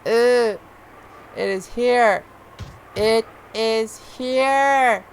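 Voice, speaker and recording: A man voicing a strange, stubborn little girl who whimpers "uu, uu" between halting words. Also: extremely high pitch, a little hiss or hum, pitched above the performer's own voice, full character voice. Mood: whimpering. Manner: repeats a whiny "uu, uu" sound; very slow, halting delivery. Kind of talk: reading a visual novel aloud.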